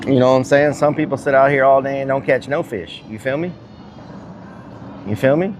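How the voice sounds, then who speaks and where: A man's voice: mid-range voice, fairly quick, a little hiss or hum. A middle-aged man live-streaming while fishing outdoors by a river, chatting casually with his viewers and swearing freely. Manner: blunt, swears casually, answers chat. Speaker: livestreamer.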